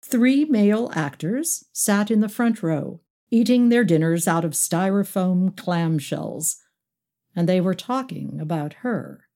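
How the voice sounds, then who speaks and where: A woman narrating a novel, expressive and wry. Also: fairly low pitch, slow, gravelly. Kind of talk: audiobook narration.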